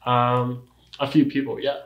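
A man's voice: mid-range voice, completely flat delivery, a little slow, roomy sound, dull audio. A young man chatting casually as an interview guest, laid-back, full of surfer slang and "like". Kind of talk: casual chat.

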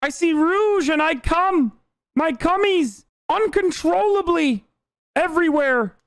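A man putting on a loud, lecherous Turkish man with an exaggerated heavy accent. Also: very high voice, animated, slow, gravelly, no room sound, clean studio sound, pitched above the performer's own voice, exaggerated voice. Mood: brash leering.

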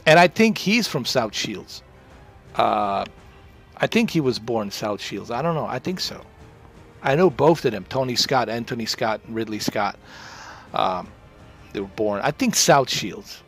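A man's voice: medium pitch, expressive, a little slow, fairly bright tone, breathy edge, faint music behind. Boastful rambling male streamer. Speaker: livestreamer. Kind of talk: rambling livestream chat.

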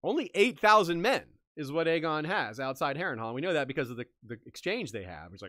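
A man's voice: on the high side, very animated, fast talker, hardly any pauses, bright, forceful tone, dry recording. A man hosting a history podcast, musing aloud in casual discussion with frequent restarts. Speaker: podcast host.

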